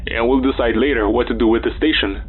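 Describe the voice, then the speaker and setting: A man's voice: mid-range voice, fast talker, narrow, tinny audio, slight background noise, close to an everyday voice. A man voicing a male spaceship commander who gives curt, commanding orders over the radio in an audio horror story. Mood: brisk.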